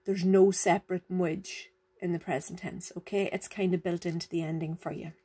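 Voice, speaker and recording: A woman's voice: on the low side, level tone, normal speed, mellow, breathy edge. Patient woman teaching grammar. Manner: patient, repeats rules, checks understanding with "right?" and "okay?". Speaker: Irish language teacher. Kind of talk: explaining grammar in a lesson.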